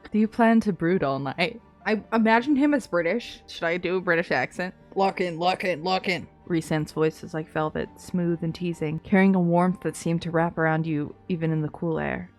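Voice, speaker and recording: Low-voiced woman reading fanfiction aloud. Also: moderate pace, hardly any pauses, soft background music. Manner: soft hushed reading broken by excited reactions. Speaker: content creator.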